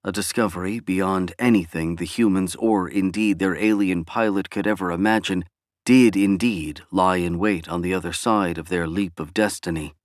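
A man narrating a science fiction audiobook in an even, measured way. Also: low-pitched, dry recording, studio quality. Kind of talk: scripted narration.

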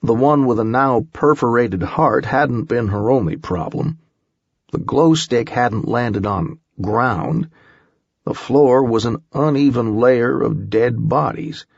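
A man narrating a first-person audiobook in a measured, steady storytelling manner. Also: mid-range voice, vocal fry, husky, dry recording, lo-fi sound.

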